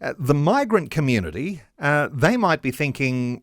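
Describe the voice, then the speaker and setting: A man hosting a talkback radio show, smooth and conversational as he steers the discussion. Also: a little high, sing-song, moderate pace, no room sound, studio quality.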